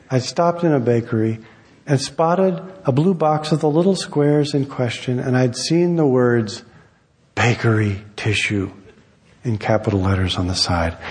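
A man, an author, reading his own essay aloud in a wry, measured storytelling manner. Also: medium pitch, a little mellow, husky, big-room sound. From United States.

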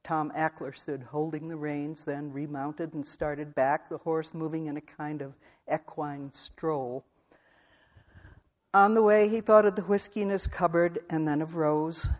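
A man narrates a literary western novel for an audiobook, his voice sitting a little higher than most men's. He reads in a measured, even way, steady from one sentence to the next. The delivery is calm and clear.

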